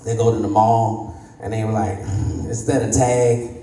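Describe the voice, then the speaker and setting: A man's voice: lowish voice, level tone, unhurried, warm tone. A man in his thirties doing a stand-up comedy set, acting out voices and laughing at his own jokes. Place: comedy club stage. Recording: echoey room, voice slightly distant.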